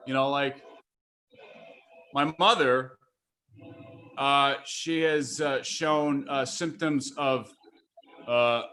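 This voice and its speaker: A man's voice: a little high, pushed and bright. A man doing a stand-up set over a video call, telling stories in a rambling way with many restarts. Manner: rambling, self-interrupting storyteller. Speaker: stand-up comedian.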